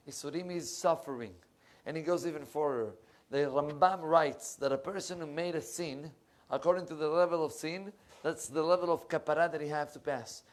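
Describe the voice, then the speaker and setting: In a synagogue, a male rabbi with a fairly high voice and brisk delivery gives a passionate sermon full of storytelling. His volume rises during the stories and falls for quiet asides, and he sometimes hunts for English words mid-sentence.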